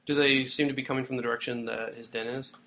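A man's voice: mid-range voice, fairly even intonation, fast, bright, forceful tone, slight background noise. A man playing in a tabletop game, asking eager, playful questions of the game master. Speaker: player. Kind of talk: casual tabletop game chat.

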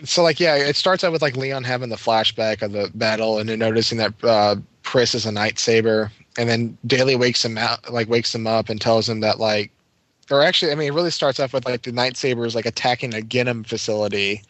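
A man's voice: medium pitch, fairly quick, a bit bright, no room sound. A man hosting a casual podcast chat, rambling with lots of "like" fillers.

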